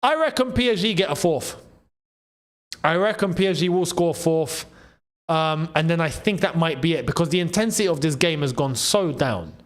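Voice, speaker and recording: A young man hosting a casual live football watchalong, excitable and bantering, laughing often. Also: fairly high pitch, normal speed. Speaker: football channel host.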